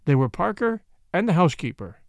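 A man reading a classic mystery novel aloud in a measured, expressive narration. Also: high voice, gravelly, no echo, studio quality. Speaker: audiobook reader. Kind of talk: scripted narration.

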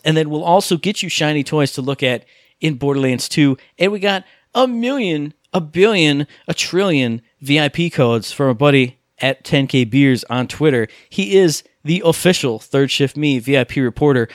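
Excitable man rambling about games. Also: fairly high pitch, normal speed, dry recording, studio quality. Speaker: podcast co-host. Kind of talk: casual gaming podcast chat.

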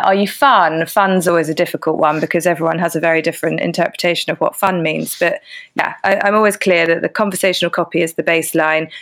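A woman with a lowish voice talks as a podcast guest. She explains things thoughtfully, pausing on ums and restarting her sentences as she goes. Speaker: guest copywriter. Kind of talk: casual interview answers.

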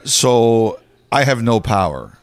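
A man's voice: mid-range voice, sing-song, slow. A man hosting a casual interview, asking brief questions and adding short replies. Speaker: podcast host.

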